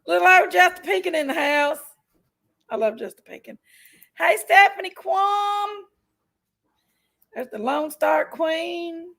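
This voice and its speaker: A woman's voice: very high voice, expressive, slow pace, creaky, long pauses, a bit bright, poor audio. A woman hosting a casual livestream, chatty and folksy, greeting viewers by name while feeling unwell with an upset stomach. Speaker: livestream host.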